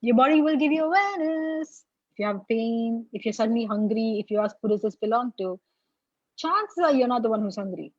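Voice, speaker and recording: A woman guest in a casual conversation, talking in animated storytelling bursts full of "like", heard over a video call. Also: on the high side, a little fast, no room sound. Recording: dull, dry, lo-fi sound.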